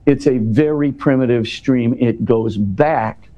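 A man's voice: medium pitch, takes it slowly, warm tone. A man speaking as an interview guest, explaining at length in an earnest, conversational way and often restarting his words.

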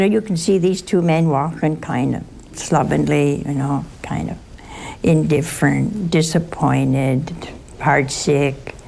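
A woman's voice: on the low side, gravelly. An older woman teaching a Bible lesson, chatty and teasing, asking her listeners questions. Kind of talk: sermon-style Bible teaching.

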